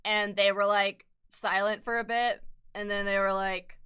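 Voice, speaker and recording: Blunt, bright-voiced woman ranting casually. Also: medium pitch, level tone, measured pace, clean tone. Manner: blunt, swearing, candid ranting; peppered with "like". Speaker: art streamer. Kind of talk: casual chat while sketching.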